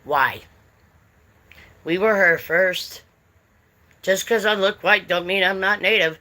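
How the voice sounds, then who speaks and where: A woman's voice: medium pitch, takes it slowly, pushed and bright. A middle-aged woman, chatting casually on a livestream and greeting viewers by name. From United States. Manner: chatty, drawling, talks to chat readers by name. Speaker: livestream host.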